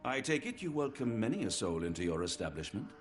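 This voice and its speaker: An actor playing a formal Victorian doctor. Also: male voice, lowish voice, sing-song, fast talker. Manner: formal, flustered when improvising. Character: proper Victorian doctor and loyal sidekick. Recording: game music underneath.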